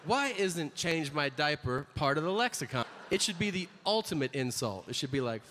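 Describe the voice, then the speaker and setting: A man's voice: on the high side, animated, moderate pace, pushed and bright, slight background noise. Man doing stand-up in a reverberant hall. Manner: wry, conversational storytelling. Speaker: stand-up comedian. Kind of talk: stand-up set. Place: comedy stage. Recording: long hall reverb with faint ambience.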